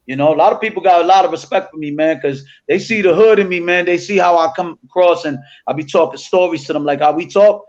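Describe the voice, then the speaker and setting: A middle-aged man from the Bronx, telling his life story as an interview guest in relaxed street slang. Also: on the high side, quick pace, hardly any pauses. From the Bronx, New York City. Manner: laid-back street slang, many restarts and "you know". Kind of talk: candid conversational storytelling. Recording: dull lo-fi audio.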